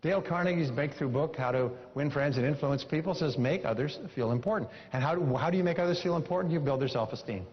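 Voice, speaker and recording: Guy giving a motivational seminar, fairly high voice, keeps repeating lines, big echo and muffled sound. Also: fast, few pauses. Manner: emphatic, repeats key phrases, coaches the audience. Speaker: seminar speaker. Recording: dull lo-fi sound with long hall reverb.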